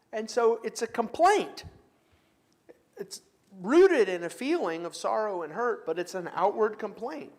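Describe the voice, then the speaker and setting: A man with a high, very animated voice and a measured pace leads a church Bible class. The teaching is conversational, with comments taken from others and scripture read aloud with emphasis.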